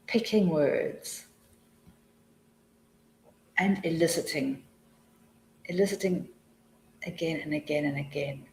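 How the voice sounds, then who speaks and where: A woman's voice: sits low, slow, long pauses. A woman presenting a teaching webinar, answering questions in a chatty, enthusiastic way with rambling explanations and restarts. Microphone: video call. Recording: echoey room.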